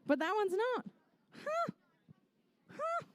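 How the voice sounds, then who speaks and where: A woman's voice: extremely high pitch, sing-song, slow, no room sound. A young woman emceeing a live competition, chatty and jokey with the teams as she calls the action. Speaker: event emcee and commentator. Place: indoor conference venue.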